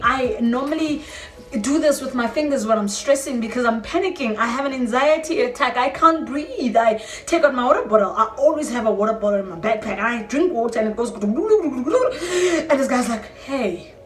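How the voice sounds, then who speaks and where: A young South African woman telling a story on her vlog, animated and exclaiming, often laughing as she talks. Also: fairly high pitch, fairly quick. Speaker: vlogger. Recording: roomy echo, distant mic, faint music.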